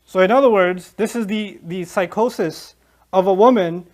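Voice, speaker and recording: A man giving a lively Quran lecture, acting out scenes from the story and laughing along the way. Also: sits high, normal speed. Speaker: Islamic lecturer.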